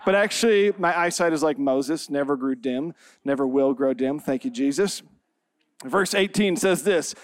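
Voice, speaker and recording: Speaking in an animated mid-range voice at a moderate pace, a forties-aged pastor tells a funny personal story, laughing a lot at his own expense, before turning to scripture and prayer. The recording is dry and studio quality.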